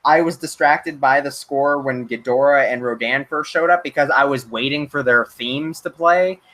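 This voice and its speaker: A man hosting a casual fan discussion stream, excitable and often stammering into restarts. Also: medium pitch, moderate pace. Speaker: channel host.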